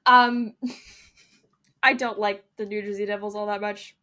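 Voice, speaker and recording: A woman's voice: medium pitch, fairly even intonation, takes it slowly, sharp tone. A young adult woman co-hosting a casual sports podcast, joking and ranting with frequent laughter. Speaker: podcast co-host.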